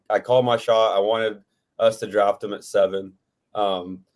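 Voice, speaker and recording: A man's voice: lowish voice, a little mellow. A man talking casually as a podcast guest, rambling with many fillers. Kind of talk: casual chat.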